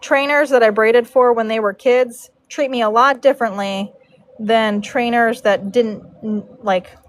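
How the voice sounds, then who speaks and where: A woman's voice: a little high, steady tone, measured pace. A woman hosting a casual livestream, chatty, reading and answering viewer comments while she works. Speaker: livestreaming horse braider.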